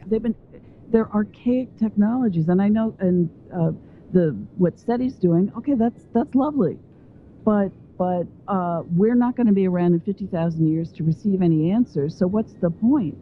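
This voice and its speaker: A woman's voice: medium pitch, a little hiss or hum. A woman guest on a phone interview who talks at length and wanders between points as she explains her ideas. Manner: talkative and digressive. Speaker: guest author. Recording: tinny phone line.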